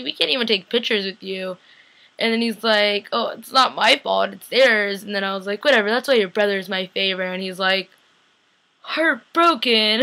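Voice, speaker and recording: A woman's voice: medium pitch, sharp tone, low-quality recording. A young woman telling a vlog story in a chatty way, full of "like" and quoted bits of talk. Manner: chatty, lots of "like", acts out quotes with a lifted voice. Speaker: vlogger.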